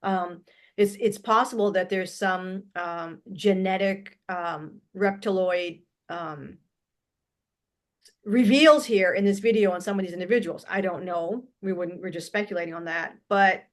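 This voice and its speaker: A woman hosting a casual conversation, speaking haltingly and letting her sentences trail off into quiet. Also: on the low side. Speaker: host.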